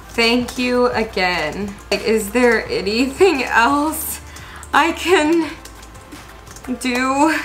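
A young woman hosting a casual gameplay commentary, gushing and excitable and laughing often. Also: high voice. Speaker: gaming channel host.

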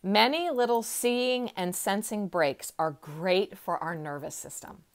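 A woman in her sixties, a counselor, gently guiding a slow relaxation exercise from a chair in her counseling room. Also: mid-range voice. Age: 60s. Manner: gentle, unhurried, soothing guidance. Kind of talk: guided relaxation talk.

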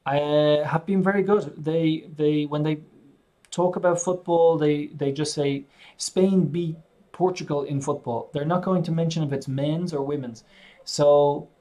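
A man's voice: on the high side, fairly even intonation, unhurried, dark tone. A man with an Irish accent gives a loose, conversational English lesson on a live stream. He rambles, restarts his sentences and drops in plenty of fillers as he thinks aloud. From Ireland. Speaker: English teacher. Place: living in Spain.

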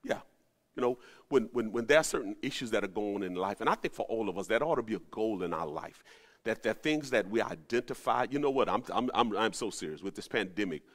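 A man preaching a sermon, animated, rising to emphatic peaks and dropping to low asides. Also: a little fast. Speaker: pastor. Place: at home during the pandemic.

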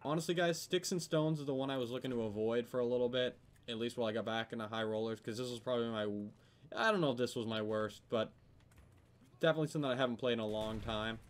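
A young man giving live commentary over a video game, swearing often and yelling when things go wrong. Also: medium pitch, quick pace. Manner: swears a lot, yells when frustrated. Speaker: gaming commentator.

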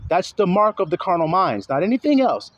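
A preacher with a high, sing-song voice talks quickly through an informal Bible lesson. He speaks loosely, throws in profanity, and stretches out the verses as he reads them aloud.

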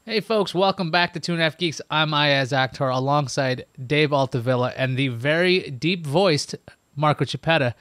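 A man's voice: on the high side, moderate pace, fairly bright tone. Upbeat man hosting a tech podcast. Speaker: podcast host. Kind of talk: casual tech podcast chat.

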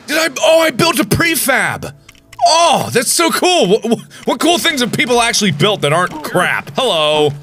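A man riffs through gameplay commentary, jumping from loud yelps to low mutters. His voice sits high and bright with huge swings in pitch. Faint music plays underneath. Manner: excitable, jokey, swings between yelps and mutters. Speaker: gaming video host.

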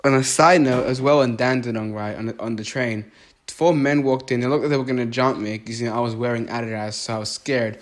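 A man's voice: medium pitch, steady tone, brisk. A young man telling a story casually, rambling and swearing with frequent restarts. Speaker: vlogger. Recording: echoey room.

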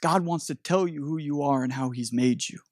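Guy preaching, fairly high voice, dry sound, keeps restarting his sentences. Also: moderate pace, no echo. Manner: animated storytelling with restarts. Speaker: pastor. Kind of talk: sermon.

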